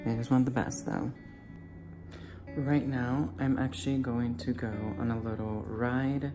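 A man's voice: mid-range voice, fairly even intonation, a little slow, music in the background. A young man from Florida vlogging casually while driving past old haunts, gushing and nostalgic, repeating himself. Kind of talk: casual vlog, driving tour. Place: car.

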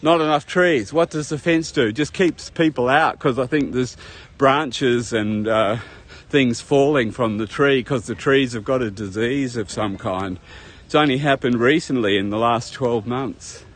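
Walking a beach park with a handheld camera, this travel vlogger keeps up an unhurried ramble with hardly any pauses. His voice sits at medium pitch, and he chats loosely, addressing viewers as "folks."

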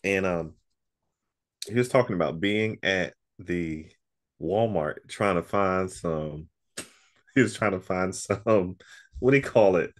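Male podcast guest with a very low voice, easygoing storyteller, casual. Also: slow, long pauses. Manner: laid-back storyteller, laughs often. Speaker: podcast guest and co-host of another podcast. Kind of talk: casual interview chat.

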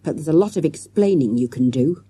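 A woman's voice: deep voice, expressive, brisk, warm tone, slightly rough, heavily acted. Woman doing a grumpy, indignant man. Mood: grumbling.

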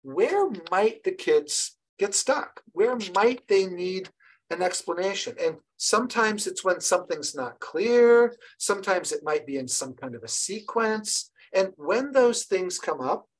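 A woman leading an online training session for early childhood educators, lively and encouraging, often restarting her sentences. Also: mid-range voice, a little slow, husky, poor audio. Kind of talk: online professional development session.

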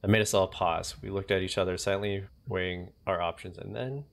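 A man's voice: low-pitched, steady tone, brisk, vocal fry. A man streaming a game, reading its story aloud with casual asides.

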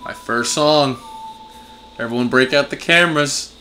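A man's voice: mid-range voice, a little slow, pushed and bright, a little hiss or hum. A young man giving sarcastic, exasperated commentary while playing a video game. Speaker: let's play host. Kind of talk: gameplay commentary.

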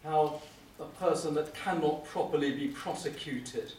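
A middle-aged man, a prosecuting barrister, giving a wry, anecdotal conference lecture with frequent "uh" pauses. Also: on the high side, darkish tone. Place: lecture hall. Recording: echoey room, speaker far from mic, faint hum.

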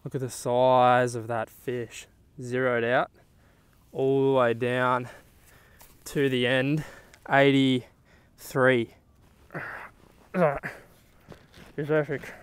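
A young man talking outdoors on the water while fishing, exclaiming excitedly to the camera. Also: medium pitch, slow pace, long pauses, smooth, no room sound. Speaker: fishing vlogger.

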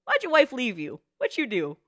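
A woman's voice: high voice, wildly swooping pitch, moderate pace. A woman commenting casually while reacting to an anime, teasing, swearing and laughing often.

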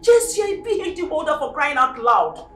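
A woman's voice: high-pitched, sing-song, normal speed, fairly bright tone, soft background music. An actress with a Nigerian accent playing a stern, middle-aged wealthy mother who scolds the former maid in her house. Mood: lecturing. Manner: scolding, imperious. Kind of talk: Nollywood film acting.

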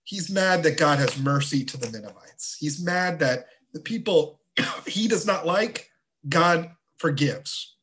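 A man teaching a confirmation class of teenagers in a relaxed, chatty way with playful asides. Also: on the high side, measured pace, slight background noise. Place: church.

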